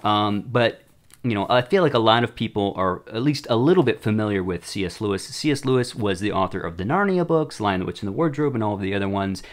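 A man's voice: on the low side, expressive, quick pace. A young man hosting his own show, casually talking about a book, rambling and tripping over his words. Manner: rambling, self-deprecating, trips over words. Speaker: show host.

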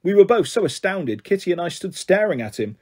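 A man reading a children's novel aloud in steady first-person narration, giving voices to the characters. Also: high-pitched, a little fast. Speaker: storyteller.

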